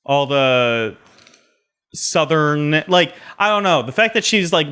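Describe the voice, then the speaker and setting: Male co-host, fairly high voice with wide swings, halting casual delivery. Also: very animated, sharp tone, clean tone. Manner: halting, searching for words. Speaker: podcast co-host. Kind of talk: casual chat.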